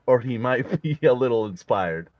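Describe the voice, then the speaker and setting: A man's voice: medium pitch, expressive, moderate pace, no room sound, highs cut off. A man cracks blunt, crude jokes during a casual betting chat. He is recorded dry and close to the mic. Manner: joking, blunt, swears.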